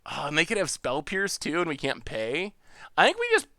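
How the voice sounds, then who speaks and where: A male streamer talks through an online card game in a high, lively voice that swoops up and down. He thinks aloud, restarts his sentences and laughs often. His sound is dry and close. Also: moderate pace, vocal fry, dry recording. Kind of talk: live gameplay commentary.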